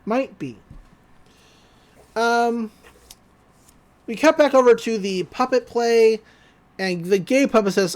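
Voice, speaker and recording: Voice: medium pitch, takes it slowly, long pauses. A podcast host recapping a cartoon episode in casual chat, laughing often and acting out the characters' lines.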